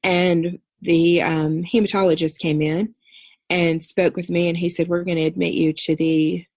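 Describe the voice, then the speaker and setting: A woman's voice: fairly low pitch, moderate pace, dry recording. Woman in her thirties, dry close recording. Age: 30s. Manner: earnest, steady recounting with brief quoted dialogue. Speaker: podcast guest. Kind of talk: personal storytelling.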